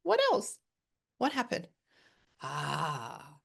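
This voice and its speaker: A woman's voice: sits low, huge pitch swings, very slow, gravelly, slightly rough. A woman working as a psychic medium, talking casually and rambling through a spirit reading, with the odd swear word.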